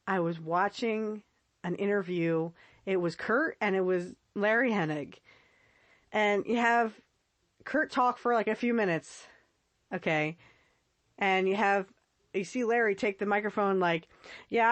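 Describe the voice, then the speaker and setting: Woman podcaster, chatty and giggly, dry close-mic sound, mid-pitched voice. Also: no echo. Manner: chatty and giggly, with lots of fillers and repeats. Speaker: podcast host. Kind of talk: casual solo podcast monologue.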